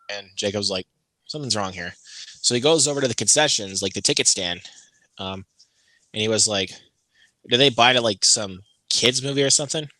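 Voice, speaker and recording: Co-hosting a casual chat, a man tells a story with animated delivery, acting out the people he quotes through big jumps in pitch. There is no echo.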